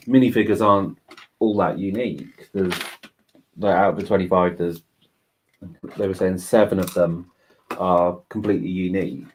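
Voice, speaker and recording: A man's voice: low-pitched, a little mellow. A man co-hosting a livestream, chatting casually and explaining at length with lots of "you know" while building. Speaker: co-host. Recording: faint background noise, home livestream.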